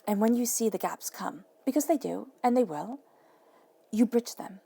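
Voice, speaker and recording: A woman giving an earnest, encouraging tarot reading straight to the viewer, sometimes dropping to a soft whisper. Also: on the high side, expressive, normal speed, creaky, breathy edge. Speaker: tarot reader.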